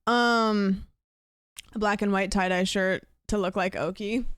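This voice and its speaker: A woman's voice: medium pitch, fairly even intonation, unhurried, a bit bright, clear, resonant tone, no echo, studio quality. A young woman streamer chatting casually and rambling with her live viewers, thanking them for gifts.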